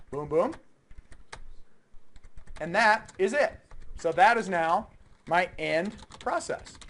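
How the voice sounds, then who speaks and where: A man teaching a class, coding live and chatting with his students in a playful, informal way. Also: sits high. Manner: lively, chatty, teasing students. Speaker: university instructor.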